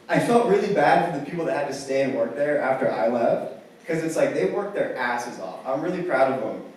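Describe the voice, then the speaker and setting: Young man with a wry stand-up delivery in a booming hall. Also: huge pitch swings, moderate pace, a little mellow. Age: young adult. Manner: casual, wry storytelling with filler "like". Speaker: stand-up comedian. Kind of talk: stand-up comedy set. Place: campus theater stage before a live audience. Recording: very echoey hall from far off.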